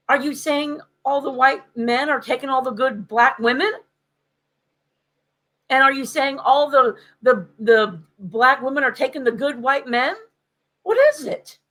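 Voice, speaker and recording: A woman in casual conversation who retells her experiences with animated emphasis, her voice jumping up when she makes a point. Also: high-pitched, poor audio. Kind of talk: casual chat.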